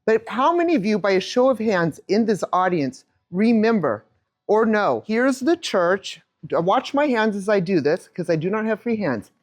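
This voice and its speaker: A woman in her fifties giving a keynote talk on stage, telling a childhood story to a live audience with an animated manner and a handheld mic. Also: medium pitch, moderate pace. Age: 50s. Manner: animated storyteller, acts out quotes. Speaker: keynote speaker.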